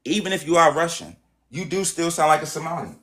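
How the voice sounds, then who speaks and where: A man's voice: fairly high pitch, fast talker, a bit bright. A man hosting a casual livestream chat with callers. He is insistent, repeats himself and keeps cutting in. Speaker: livestream host.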